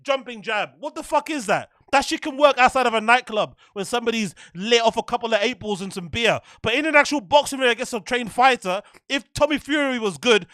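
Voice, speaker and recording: A man's voice: very high-pitched, animated, fairly quick, pushed and bright, no echo, clean studio sound. A man hosting a show, ranting in profane, exasperated bursts and repeating himself. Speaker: show host. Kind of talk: ranting commentary.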